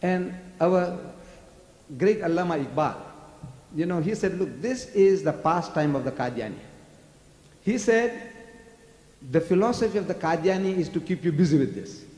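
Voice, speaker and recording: An older man with a South African accent giving a public religious lecture, animated and full of mocking rhetorical questions. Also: sits high, moderate pace, pauses often. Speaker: preacher. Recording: echoey hall recording.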